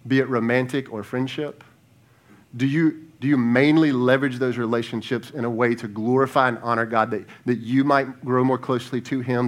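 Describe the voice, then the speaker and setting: Male pastor, medium pitch, preaches casually to his congregation and goes hushed on the heartfelt questions. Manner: conversational preaching, rhetorical questions, repeats words; softens to a hushed tone for reflective questions. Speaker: lead pastor. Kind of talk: sermon.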